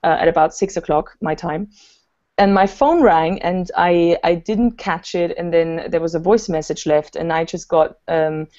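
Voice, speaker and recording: An actress, guest on a casual interview, tells a long story in a lowish, darkish voice at a moderate pace. She's chatty and rambling, with lots of fillers. The audio over the video call sounds dull.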